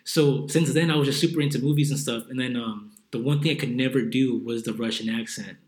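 A man's voice: medium pitch, fairly quick. A young man hosting a podcast, telling stories in casual, slangy chat and swearing freely. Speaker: podcast host. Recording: roomy echoey room.

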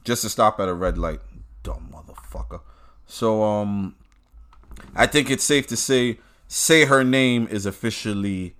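A podcast host with a lowish, fairly bright voice rants bluntly from his car, taking his time. His commentary is profane, with constant swearing.

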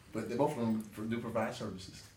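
A man's voice: fairly low pitch, little pitch movement, normal speed. A man hosting a podcast interview, joking and laughing often in a casual chat. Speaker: podcast host. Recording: roomy, distant mic with faint noise.

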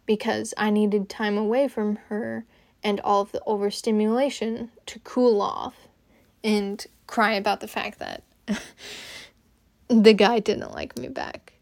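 A young woman hosting her own podcast, rambling casually and haltingly, with lots of "like" fillers. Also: mid-range voice, big pitch swings, creaky, darkish tone. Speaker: podcast host.

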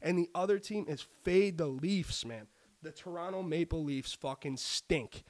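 A young man co-hosting a podcast, chatting casually about sports betting, swearing often and rambling with excitement. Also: a little high, unhurried. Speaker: podcast co-host.

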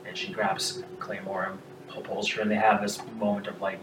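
A man's voice: on the low side, level tone, a little fast. A male game master narrating a tabletop game in a casual, rambling way with frequent laughs. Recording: echoey room from a distance, noisy.

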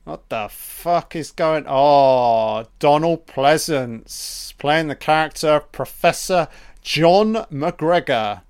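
A man giving a crude, profane, excitable running commentary on a film, calling the characters love and baby. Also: a little high, slow pace, clean tone.

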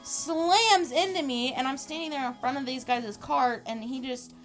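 Woman, twenties, casual storytelling, laughing, higher voice, faint music behind. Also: normal speed. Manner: animated, laughing, acts out quotes. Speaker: podcast co-host.

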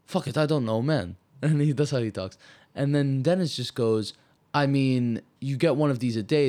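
A young man co-hosting a podcast in casual chat, blunt and animated, swearing often as he tells a story. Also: medium pitch. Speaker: podcast co-host.

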